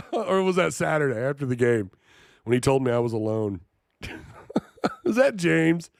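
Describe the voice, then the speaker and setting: A man's voice: mid-range voice, sing-song, a little slow, vocal fry, dry recording, clean studio sound. A man hosting a live-streamed sports talk show, reading chat and reacting in an incredulous, jokey way.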